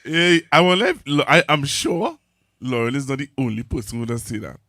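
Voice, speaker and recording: A man's voice: medium pitch, lively intonation, brisk, sharp tone, dry recording, studio quality. A Trinidadian man hosting a casual talk show, joking and laughing often as he teases his guest. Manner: jokey, laughs often, teasing. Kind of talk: casual chat.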